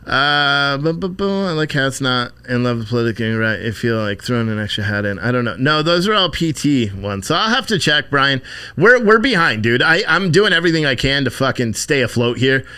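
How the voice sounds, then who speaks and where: A man's voice: mid-range voice, animated, fairly quick, sharp tone, clean tone. A man hosting a live stream, chatting casually and rambling with heavy swearing while he thanks viewers for donations. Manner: profane, rambling, thanks donors by name. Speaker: livestream host.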